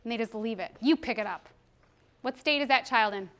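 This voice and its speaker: Lively woman trainer giving a workshop. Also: fairly high pitch, brisk. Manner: animated, laughs often, acts out quoted voices. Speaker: parenting and behavior trainer. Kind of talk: workshop presentation.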